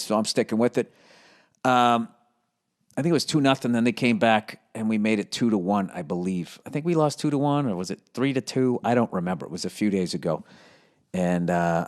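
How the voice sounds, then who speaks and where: A middle-aged man hosting a solo podcast, rambling sarcastically with lots of swearing and self-mockery. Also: medium pitch. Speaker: podcast host.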